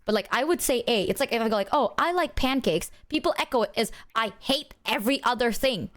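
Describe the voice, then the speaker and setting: In casual chat, a woman streamer whose voice is on the high side and a little fast tells animated stories. She swears plenty and acts out her own side with quotes.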